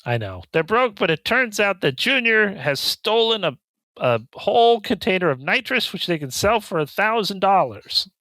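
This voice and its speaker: Podcast co-host, male, high and bright voice, dry close mic, deadpan recapper who slips into mocking asides. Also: normal speed, no echo. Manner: deadpan plot summaries with mocking quoted asides. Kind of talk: casual chat recapping a movie.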